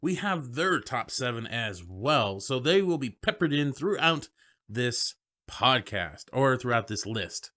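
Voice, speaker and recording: A man co-hosting a podcast in loose, casual chat. His voice is bright and forceful, and he jokes around, swears freely and breaks into laughter often. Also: medium pitch, lively intonation, a little slow. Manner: joking, profane, laughs often. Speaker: podcast co-host. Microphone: remote guest on a phone line.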